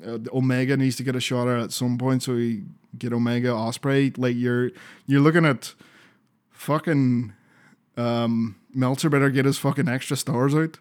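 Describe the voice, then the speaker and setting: A man's voice: mid-range voice, little pitch movement, normal speed, a little mellow. A man co-hosting a podcast, chatting casually about wrestling, rambling, swearing often and laughing a lot. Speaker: podcast co-host.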